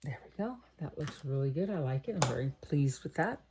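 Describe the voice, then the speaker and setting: A woman's voice: rumbling low, expressive, a little fast, background noise. A middle-aged woman from Texas chatting casually and thinking aloud while she makes greeting cards. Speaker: card-making crafter. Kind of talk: casual crafting chat.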